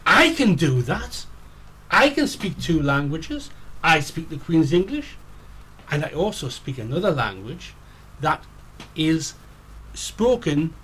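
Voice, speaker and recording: A man with a Geordie accent, a Toastmaster, giving a slow, declamatory speech excerpt. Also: a little high, big pitch swings, a bit bright, slight background noise. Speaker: guest speaker, Toastmaster.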